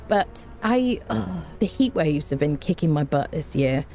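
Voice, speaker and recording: Speaking a little slowly with vocal fry, this woman streamer has a low, mellow, animated voice as she greets her chat casually. Her rambling, playful talk is full of invented words, picked up by a desk mic in a home room with an open window, with a fan blowing and faint music behind.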